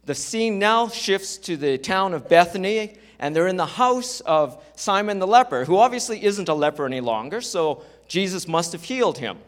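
Male pastor, higher register, conversational sermon with scripture reading and asides. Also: expressive, normal speed, few pauses. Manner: explanatory, conversational preaching with asides. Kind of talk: sermon, Bible teaching.

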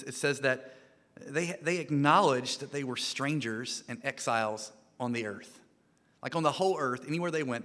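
Brief: American man, guest preacher, bright forceful tone, chatty sermon full of restarts, long hall reverb. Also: mid-range voice. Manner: conversational, animated, frequent restarts and repeated words. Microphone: microphone.

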